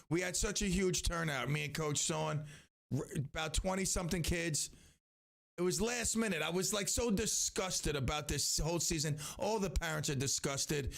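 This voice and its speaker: Gravelly middle-aged man rambling on a stream. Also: fairly high pitch, moderate pace. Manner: rambling, animated, self-interrupting with restarts. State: voice slightly rough from yelling. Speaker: live stream host and youth sports coach. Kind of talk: casual solo live stream chat.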